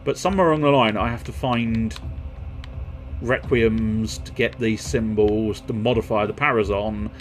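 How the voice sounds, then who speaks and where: A man's voice: fairly low pitch, steady tone, normal speed, faint music behind. A man streaming a video game, rambling casually with jokes and a self-deprecating streak. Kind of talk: casual gameplay commentary.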